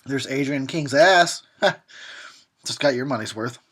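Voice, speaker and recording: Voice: mid-range voice, slow, a bit bright, slight background noise. A horror host giving a drunken commentary on a film, rambling and swearing and often breaking into laughter.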